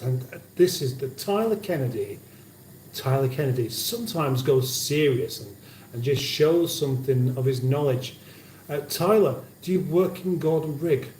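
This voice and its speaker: This is a man hosting a cooking livestream from his home kitchen. He talks slowly in a mellow, slightly high voice and reads viewer comments aloud with dry banter. The sound is roomy and picked up from a distance, with faint background noise. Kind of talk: casual livestream chat.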